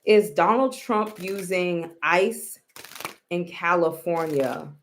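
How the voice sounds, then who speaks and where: Slow, blunt woman commentator. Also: fairly low pitch, slight background noise. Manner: blunt, profane, rambling. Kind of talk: casual commentary.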